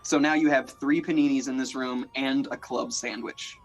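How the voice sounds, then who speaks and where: A man's voice: medium pitch, normal speed, rough recording. A man narrating as game master, playful and rambling, with lots of "like".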